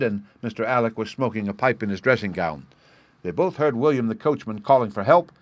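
A man's voice: medium pitch, no room sound, natural voice. A man voicing a keen young police inspector who reports details in a polite, businesslike way, in an audiobook reading.

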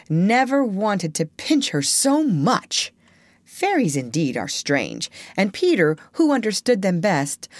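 A woman reading a children's storybook aloud in a gentle, expressive way. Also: medium pitch, dry recording. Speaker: audiobook narrator.

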